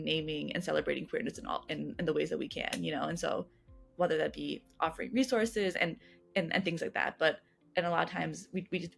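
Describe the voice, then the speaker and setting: A woman guest answering interview questions in an earnest, fast way, restarting and repeating words often. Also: low-pitched, vocal fry. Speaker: guest, youth engagement coordinator at a health nonprofit.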